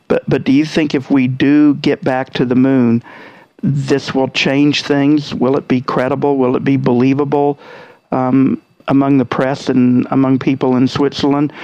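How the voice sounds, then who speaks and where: A man's voice: medium pitch, darkish tone, dry recording. A man hosting a radio show, asking long rambling questions with fillers, on dull lo-fi radio audio with faint music.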